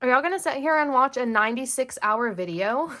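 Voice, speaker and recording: A woman's voice: high voice, lively intonation, moderate pace, pushed and bright. A young woman, chatting casually in a home planner vlog, rambling with lots of "like" fillers. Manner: rambling, filler-heavy with frequent "like". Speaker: planner vlogger and mom. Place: home desk.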